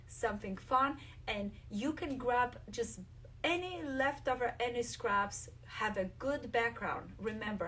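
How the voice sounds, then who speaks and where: Enthusiastic quilting host, a bit off-mic. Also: female voice, medium pitch, fairly bright tone, recorded from a distance, a little hiss or hum. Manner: enthusiastic, shows fabrics while talking. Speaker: quilt designer hosting a live stream. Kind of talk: live craft demonstration.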